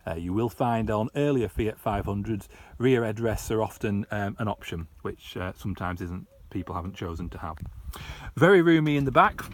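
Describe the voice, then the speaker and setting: In a low-ish voice with lively intonation and a moderate pace, a British man shows off the car he's selling privately. He sits inside the parked car, chatting informally with plenty of ums and throwaway comments.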